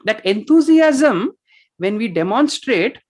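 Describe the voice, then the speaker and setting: Woman teacher, slightly high, patient step-by-step explainer. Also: sing-song, slow pace, darkish tone. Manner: patient, explains with simple examples and frequent "right?". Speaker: yoga and scripture teacher.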